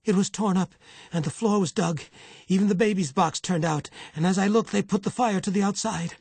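A man's voice: high voice, fairly quick, darkish tone, slightly rough, no room sound, pitched above the performer's own voice. A man voicing a frightened young village mother.

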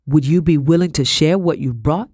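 A man's voice: on the high side, normal speed, a little mellow, husky, no room sound, studio quality. A reader voicing a short, stern male army sergeant who gives firm, formal, courteous orders. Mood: commanding.

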